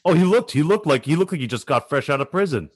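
A male interviewer hosting a casual chat, reacting with excitement and frequent laughter. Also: on the high side, fast talker, husky. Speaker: interviewer, host.

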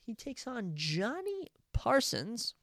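Female podcast host, casual and excitable, keeps correcting herself; lively delivery. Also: fairly high pitch, takes it slowly, dry recording, clean studio sound. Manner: chatty, self-correcting, excitable. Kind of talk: casual sports prediction chat.

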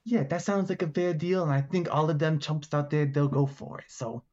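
A man's voice: on the high side, steady tone, moderate pace, darkish tone, lightly acted. Man doing a scheming alligator boss, sly, hammy, lo-fi sound. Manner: sly, hammy villain bluster.

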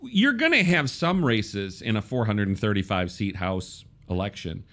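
A man's voice: fairly low pitch, big pitch swings, moderate pace, a bit bright. A man hosting a casual political talk show, wry and conversational, often restarting his sentences. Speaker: podcast host.

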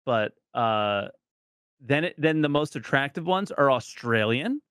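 A man's voice: medium pitch, expressive, unhurried, fairly bright tone, clear, resonant tone, no room sound, clean studio sound. A man from New Jersey, a streamer guest on a podcast, chatting casually in a rambling, self-deprecating way.

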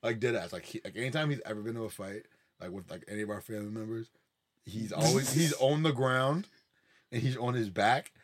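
Speaking briskly at a medium pitch, a podcast host tells rambling, profane family stories in a casual chat, saying "like" a lot.

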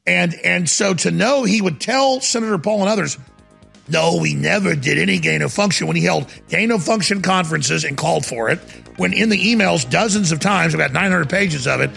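A man's voice: sits high, expressive, fairly quick, creaky, fairly bright tone, faint music behind. A man hosting a talk show, interviewing a guest in an indignant, rambling way and cutting in often. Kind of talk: heated interview.

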